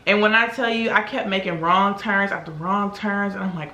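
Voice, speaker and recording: A young woman vlogger telling a long story in a casual, animated way while doing her makeup, acting out other people's lines as she goes. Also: medium pitch, moderate pace, hardly any pauses. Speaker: beauty vlogger. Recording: echoey room.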